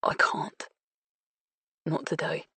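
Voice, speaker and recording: A woman voicing a distressed young woman holding back tears, speaking hushed and shaky. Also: a little slow, dry recording. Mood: choked.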